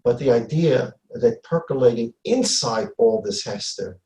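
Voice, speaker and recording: A man's voice: medium pitch, animated, measured pace, warm tone, roomy sound, low-quality recording. A man giving a Torah class as a rabbi, emphatic, repeating phrases and acting out dialogue. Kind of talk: Torah lecture.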